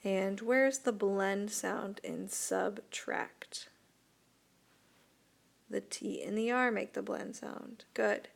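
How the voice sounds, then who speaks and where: A woman teacher giving a recorded lesson to young students, talking slowly and carefully and repeating each word. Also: mid-range voice, steady tone, vocal fry. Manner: slow, deliberate, repeats words for young students. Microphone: tablet microphone.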